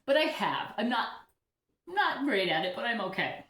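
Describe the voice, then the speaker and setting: A woman's voice: a little high, big pitch swings, normal speed, a bit bright, echoey room. A woman vlogging casually about her orchids at home, chatty and giggly, often laughing at herself. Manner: chatty, giggly, self-deprecating. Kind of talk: casual vlog chat.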